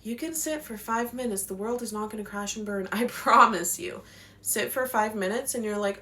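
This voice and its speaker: A woman's voice: on the high side, moderate pace, pushed and bright. A young woman giving spiritual life advice in a casual, passionate, slangy talk, swearing now and then. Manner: passionate, slangy, swears, acts out quotes in voices.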